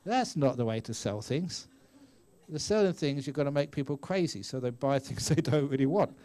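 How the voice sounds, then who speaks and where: An older man gives a relaxed, story-filled Buddhist talk at a retreat. He chats with his listeners and now and then acts out voices in the stories he tells. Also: mid-range voice, normal speed. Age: 60s. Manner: chatty storyteller, acts out voices, laughs often. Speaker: Buddhist monk teacher. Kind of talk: dharma talk answering questions. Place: meditation retreat hall.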